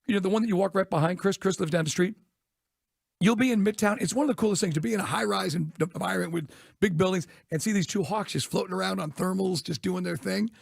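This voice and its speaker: Fast-talking high-voiced male radio host. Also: creaky, dry recording, clean studio sound. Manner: rapid, joking storyteller who laughs at his own punchlines. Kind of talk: sports talk radio banter. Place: radio studio.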